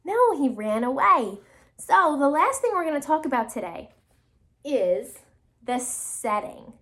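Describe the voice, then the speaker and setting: Reading to her class from a storybook, a woman teacher performs with high energy and pauses to ask the kids questions. She has a high, vivid voice that swings broadly up and down, slowing and whispering when the story turns suspenseful.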